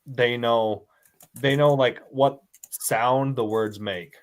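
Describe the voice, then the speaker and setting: Animated dad podcaster. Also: male voice, medium pitch, slow. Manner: animated, heavy filler 'like', mimics voices in quotes. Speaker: podcast co-host; father. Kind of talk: casual chat.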